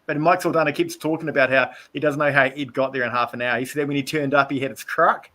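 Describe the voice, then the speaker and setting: A man's voice: mid-range voice, steady tone, fast, sharp tone. A man from New Zealand with a Kiwi accent, chatting as a guest on a video-call live stream and rambling through stories. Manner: rambling storyteller, acts out quotes. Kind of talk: casual chat.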